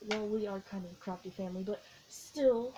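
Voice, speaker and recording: A young woman vlogging, telling a long, excitable story in a casual, rambling way with lots of giggles. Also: mid-range voice, brisk. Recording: faint background noise.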